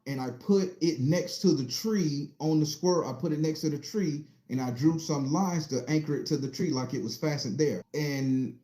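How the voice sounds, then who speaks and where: A man's voice: fairly high pitch, moderate pace, few pauses, mellow, echoey room. A man casually telling a childhood story in a rambling, profane, vivid way.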